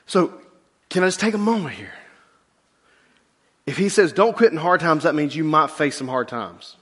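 A middle-aged man preaching a sermon as a pastor, in a relaxed conversational way with lively asides. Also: a little high, slightly rough.

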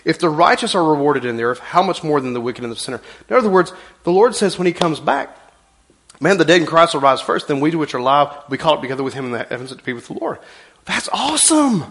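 A man's voice: fairly high pitch, creaky, fairly bright tone. A man, preaching a sermon as pastor, emphatic, with his voice rising and falling.

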